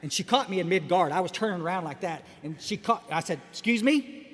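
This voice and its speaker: A man's voice: sits high, quick pace, fairly bright tone, husky. Wry middle-aged man in an echoey hall. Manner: wry and joking, with frequent restarts and asides to the crowd. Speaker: speaker at a recovery meeting. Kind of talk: humorous personal talk to an audience. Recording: echoey hall with faint background noise.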